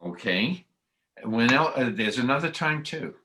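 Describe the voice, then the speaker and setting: A man leading a text study group on a video call, halting and full of restarts. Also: medium pitch, lively intonation, pushed and bright.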